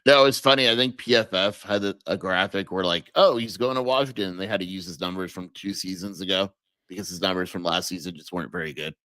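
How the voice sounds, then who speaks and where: A man co-hosting a casual sports podcast, speaking in a measured, analytical way and thinking out loud. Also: low-pitched, no room sound. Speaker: podcast co-host. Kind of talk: casual sports talk livestream.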